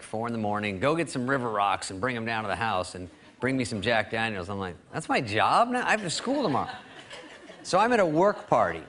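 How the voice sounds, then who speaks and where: A man in his fifties, a talk show guest telling a comic story in a deadpan way and acting out the other people in it. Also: lowish voice. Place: studio with audience.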